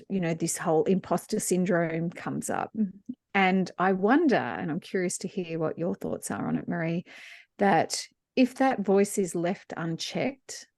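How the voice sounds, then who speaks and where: A woman's voice: fairly low pitch, no echo. Musing woman host, dry sound. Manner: warm, musing, thinking aloud. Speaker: podcast co-host. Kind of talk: casual interview talk.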